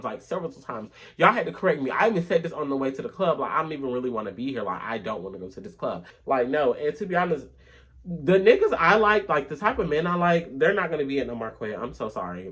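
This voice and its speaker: A woman vlogger telling a story in a sassy, animated way, often dropping to low mutters. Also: slightly rough. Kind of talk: casual storytime rant.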